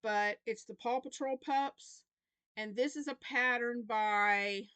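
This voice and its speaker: A woman's voice: fairly high pitch, takes it slowly, a bit bright, clear, resonant tone, no room sound. Chatty Southern grandmother, dry close sound. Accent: Southern American. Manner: chatty, rambling with restarts and fond anecdotes. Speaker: crochet vlogger. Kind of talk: casual chat to camera.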